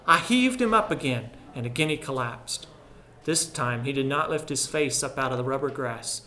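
A man narrating a literary story in a measured, reflective way. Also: mid-range voice, animated, slight background noise. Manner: measured and reflective, dropping softer at solemn lines. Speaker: audiobook narrator.

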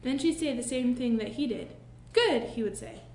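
A woman reading a children's book aloud, expressive, with slow dramatic pauses. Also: fairly high pitch. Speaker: narrator. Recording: echoey room with faint hiss.

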